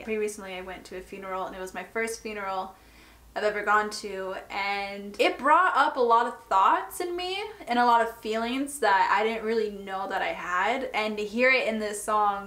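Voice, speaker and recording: A woman's voice: medium pitch, a bit bright. Teary, rambling young woman reacting to music. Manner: emotional, rambling, fighting back tears. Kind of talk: casual reaction commentary. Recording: roomy echo with music playing behind.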